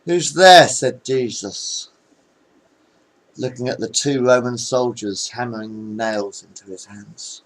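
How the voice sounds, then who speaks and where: A man's voice: lowish voice, slow pace, rough recording. Man rambling through jokes to webcam. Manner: rambling, hesitant, deadpan. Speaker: vlogger telling jokes. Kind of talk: casual joke-telling to webcam. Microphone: webcam microphone.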